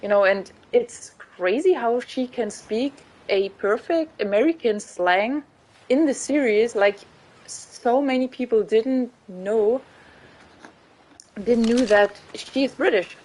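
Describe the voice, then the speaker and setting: A woman's voice: on the high side, expressive, slow, darkish tone, a little hiss or hum, low-quality recording. A woman with a German accent chatting casually while streaming a game, rambling and laughing often. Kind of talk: casual chat while gaming.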